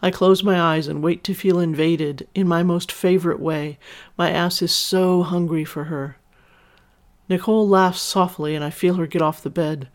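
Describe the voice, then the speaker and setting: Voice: mid-range voice, fairly even intonation, normal speed. A storyteller narrating a first-person story and adding chatty, casual asides. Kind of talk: erotic story narration with commentary.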